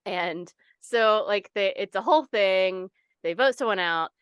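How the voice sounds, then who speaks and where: A young adult woman co-hosting a podcast in casual chat, animated and swearing, acting out people's reactions. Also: mid-range voice, measured pace, clean tone, no echo. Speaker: podcast co-host.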